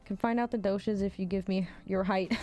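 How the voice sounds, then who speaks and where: A woman's voice: mid-range voice, steady tone, normal speed, warm tone, soft background music. A woman in her thirties livestreaming, chatting casually with viewers and reading their messages, blunt and swearing freely with frequent laughs.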